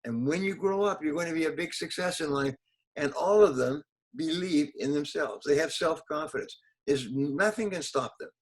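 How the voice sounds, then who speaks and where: A man's voice: on the high side, normal speed, low-quality recording. An older man, a motivational speaker, answering interview questions in an emphatic way, repeating key phrases and acting out quotes.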